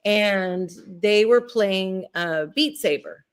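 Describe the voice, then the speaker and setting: A middle-aged woman chats as an interview guest, rambling through stories and laughing easily. Her voice sits at an ordinary middle pitch. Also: slow pace, clean tone. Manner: chatty, storytelling, laughs easily. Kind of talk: casual interview chat.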